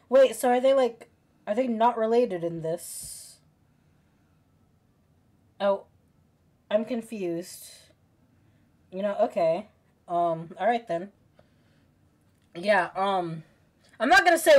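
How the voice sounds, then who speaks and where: A young woman streaming a game, chatting casually with her viewers, excitable, giggly and quick to swear. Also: fairly high pitch. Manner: excitable, giggly, swears freely, talks to chat. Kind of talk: casual let's-play commentary.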